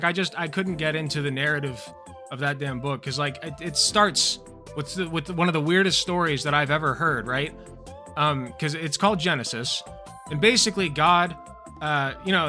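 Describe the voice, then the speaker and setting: A man's voice: fairly high pitch, pushed and bright. A man hosting a livestream, rambling and setting up a stand-up comedy bit for his chat. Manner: rambling, joking, with restarts. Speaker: livestream host.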